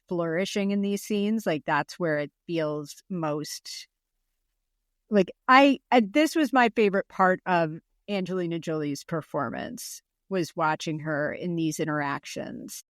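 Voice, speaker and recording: A woman hosts a podcast in a casual, rambling way, filling her speech with hesitations. Her voice is a little low, and the close recording is dry. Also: smooth, no room sound. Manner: rambling, filler-heavy, hesitant. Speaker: podcast host.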